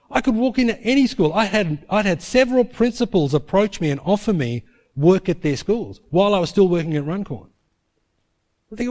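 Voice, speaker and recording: Preacher telling a story. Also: male voice, sits high, animated, a little fast. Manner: emphatic, acts out quoted prayers in a hushed voice. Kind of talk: sermon storytelling.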